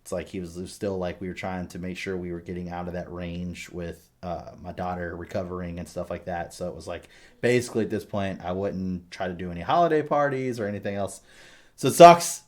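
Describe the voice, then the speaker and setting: A young adult man chatting casually on a podcast, telling animated stories and swearing freely. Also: deep voice, a little fast. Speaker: podcast co-host. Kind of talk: casual chat.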